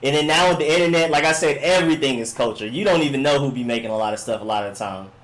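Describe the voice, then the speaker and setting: A laid-back man hosts a sports live stream, chatting casually with his viewers. He rambles from one comment to the next in relaxed slang and keeps checking in with a "you know what I'm saying". His voice sits at an ordinary middle pitch. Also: very fast.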